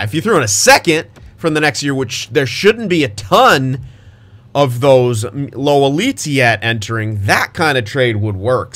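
A man's voice: mid-range voice, fairly bright tone. A young man giving casual gameplay commentary as a gaming YouTuber, thinking aloud and restarting his sentences, with hiccups and voice cracks.

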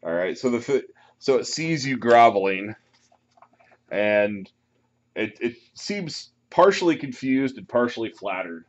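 Lively man running a tabletop game. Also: medium pitch, unhurried. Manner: lively, animated narration with sudden loud outbursts. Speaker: game master. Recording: dull lo-fi home recording.

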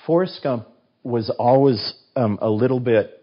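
A man's voice: mid-range voice, a little slow, slightly rough. A man in his sixties, a guest author on an interview show, telling stories with animation and acting out the voices of the people in them. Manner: animated storyteller who acts out quoted voices. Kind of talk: casual interview storytelling. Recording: dull, muffled recording.

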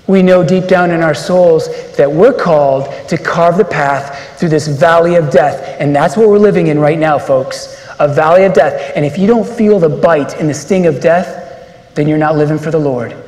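A man's voice: on the high side, moderate pace, a little mellow. A man speaking at a men's conference, giving an inspirational religious talk and preaching emphatically with rhetorical questions. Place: large conference hall. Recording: echoey hall reverb.

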